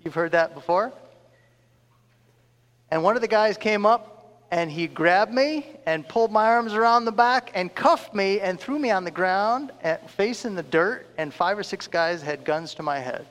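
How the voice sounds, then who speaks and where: Animated preacher man in an echoing hall. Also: high voice, measured pace. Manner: animated, chuckling storyteller. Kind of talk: storytelling sermon. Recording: long reverb of a large hall.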